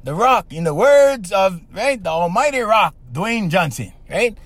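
Lively rambling man with a lilt. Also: high-pitched, unhurried, no room sound. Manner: rambling, laughs often, talks to listeners directly. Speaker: host, former radio voice performer. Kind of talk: rambling casual monologue.

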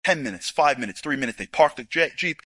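A man telling a story to an audience, animated, acting out dialogue with casual asides. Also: mid-range voice, fast talker, slightly rough, no room sound. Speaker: speaker. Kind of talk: storytelling talk.

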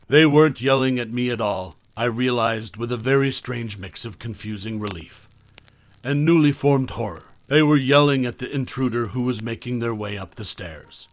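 A man reading a first-person horror story aloud in a measured, low-key way. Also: no echo.

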